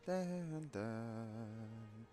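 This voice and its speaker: A man's voice: fairly low pitch, animated, very slow, warm tone, faint music behind. A man hosting a let's play, thinking aloud and musing to himself as he plays.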